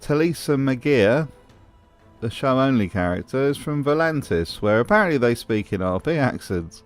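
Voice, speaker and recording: A man's voice: medium pitch, animated, moderate pace, faint music behind. A man delivering scripted commentary as a video host, in a dry, mocking manner.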